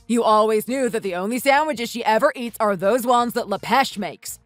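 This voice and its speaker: A woman voicing an impatient young husband in a voiced texting story, dropping her voice lower and speaking curtly. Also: normal speed, no echo, soft background music, natural voice. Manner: lowered voice, curt and scolding.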